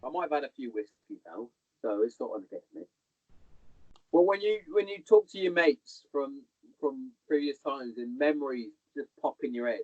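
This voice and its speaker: Animated and medium-pitched, a podcast guest from Hereford chats casually about his army days at a moderate pace. He swears constantly and keeps calling the listener "mate." The dry recording has a dull, lo-fi podcast sound.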